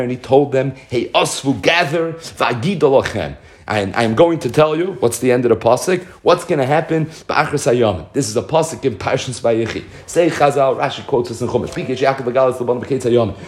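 A man's voice: mid-range voice, a little mellow. A man teaching a Talmud lesson, quoting Hebrew and Aramaic phrases, translating them into English and asking rhetorical questions. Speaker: Torah teacher.

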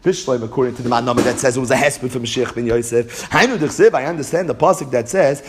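A man's voice: medium pitch, fast, few pauses. A man teaching a Gemara class, chanting the Aramaic text and then explaining it in Yeshivish English with rhetorical questions. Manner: rhetorical questions, rising to emphatic peaks. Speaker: Talmud teacher.

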